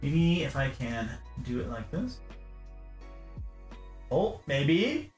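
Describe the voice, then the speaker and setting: A man's voice: medium pitch, very animated, drawn-out words. A young man hosting a casual livestream, joking with chat and greeting viewers by name while doing chores. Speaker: livestream host. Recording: echoey room with music underneath.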